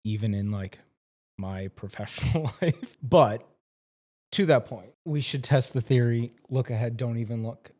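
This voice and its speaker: An enthusiastic man co-hosts a relaxed chat about a TV episode. He talks freely and trusts his gut when he explains things. His voice sits at a middle pitch. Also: unhurried. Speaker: podcast co-host. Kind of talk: casual chat.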